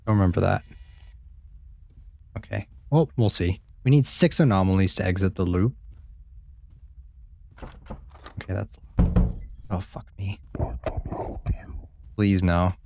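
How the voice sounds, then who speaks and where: A man's voice: low voice, a little slow, creaky, long pauses, warm tone. A man streaming a horror game, chatting casually with his viewers, swearing freely and joking as he plays. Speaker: gaming streamer. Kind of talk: casual let's-play commentary.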